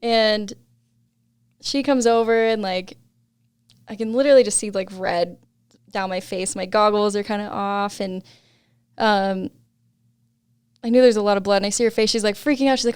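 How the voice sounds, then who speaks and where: A woman's voice: medium pitch, steady tone, moderate pace, pauses often, a little mellow, smooth, no room sound. A young adult woman, a podcast guest, telling a story in casual chat, laughing often and saying "like" a lot.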